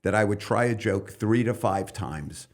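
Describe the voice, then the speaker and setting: A middle-aged man from New York City, a stand-up comedian and coach, talking loosely as a podcast guest and breaking into loud comic bits mid-thought. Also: fairly low pitch, unhurried. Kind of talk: loose conversational interview talk.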